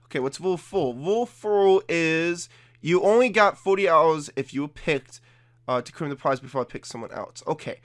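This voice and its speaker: A young man talks through a casual commentary video in a fairly high voice. He sounds chatty and defensive, with plenty of fillers. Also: lively intonation, normal speed. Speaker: YouTuber.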